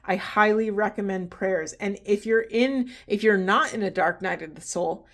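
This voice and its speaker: A woman speaks to her viewers in an earnest, encouraging way, loose and rambling, with fillers and restarts. Her pitch sits in the middle for a woman. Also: moderate pace, fairly bright tone. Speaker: spiritual reader and host. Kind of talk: casual spiritual talk to viewers.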